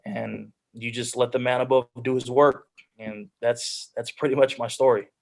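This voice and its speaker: A man's voice: mid-range voice, flat delivery, moderate pace, gravelly. Earnest young man on a video call. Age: young adult. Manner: earnest, heartfelt, with frequent restarts and "like". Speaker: guest speaker, pro football player. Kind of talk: personal storytelling on a group call.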